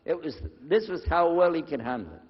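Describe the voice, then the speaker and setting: An older man telling a personal story to an audience, lively and acting out the dialogue in a husky voice. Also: fairly high pitch, brisk. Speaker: speaker telling his conversion story. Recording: dull lo-fi recording with long hall reverb.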